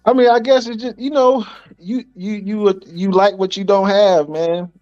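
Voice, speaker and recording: A man's voice: high-pitched, fairly even intonation, measured pace, darkish tone, lo-fi sound, faint music behind. A man in a casual chat, talking in a laid-back, agreeable way.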